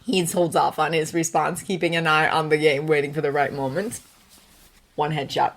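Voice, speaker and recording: A woman narrating a fanfiction audio reading in a soft, steady manner. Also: deep voice, normal speed. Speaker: fanfiction reader.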